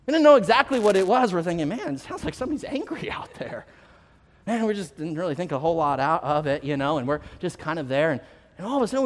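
A male pastor telling a personal story in a sermon, building to slow, emphatic declarations. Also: sits high. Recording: long hall reverb.

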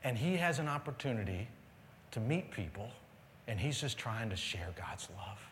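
A male pastor delivers a sermon to his congregation, telling stories with a lot of movement in his voice. He swings from loud, excited bursts down to quiet, earnest moments, with a faint hiss of room noise underneath. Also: mid-range voice, moderate pace. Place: church sanctuary with live congregation.

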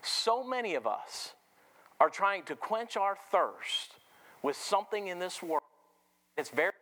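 A middle-aged male preacher with a high voice delivers a sermon in a church full of people. He tells stories and keeps turning to the congregation with questions. His pitch climbs and swoops as he builds his points. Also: sing-song, measured pace, sharp tone. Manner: storytelling, asks the congregation questions.

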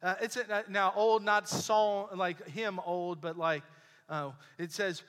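Bright-voiced pastor preaching. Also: male voice, high-pitched, fairly even intonation, measured pace, clean tone, long reverb tail. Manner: conversational, emphatic preaching with repetitions. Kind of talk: sermon. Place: church sanctuary.

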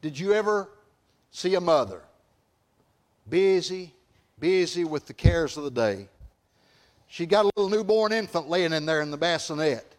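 A man with a high-pitched voice preaches to a congregation in church. His delivery is emphatic and folksy, full of repeated phrases that climb into shouts. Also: expressive, normal speed, pauses often. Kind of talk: evening sermon to a congregation. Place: church service before a congregation.

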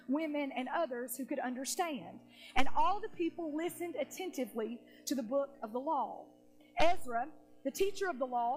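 A woman pastor preaching a sermon in church, animated and slowing down for emphasis. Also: high-pitched, rough recording.

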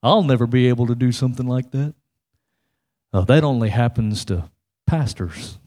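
A man's voice: medium pitch, normal speed, mellow, voice pushed down, natural voice. A man doing a mopey, defeatist donkey. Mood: gloomy. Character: gloomy, self-pitying male donkey.

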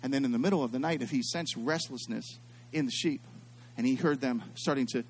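A middle-aged man preaching a sermon as a pastor, telling stories and swinging between quiet, hushed passages and loud, excited ones. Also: medium pitch, fairly quick, breathy edge.

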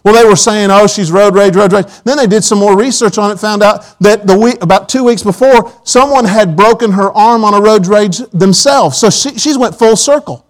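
A man's voice: sits high, normal speed, few pauses, poor audio. A man preaching a sermon in a church auditorium, telling folksy personal stories with quoted asides.

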